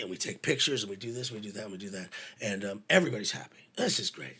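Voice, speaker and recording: Gravelly, profane storytelling man. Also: on the low side, fast, hardly any pauses. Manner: animated, profane, full of fillers. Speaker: podcast guest, venue manager. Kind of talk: casual anecdotal storytelling.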